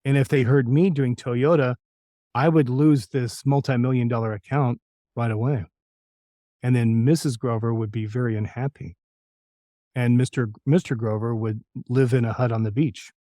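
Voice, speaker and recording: A man impersonating a smooth older voice-over star. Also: mid-range voice, fairly even intonation, warm tone, dry recording, studio quality, natural voice. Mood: menacing. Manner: smooth, deliberate announcer delivery. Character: older male voice-over star, genial but menacing.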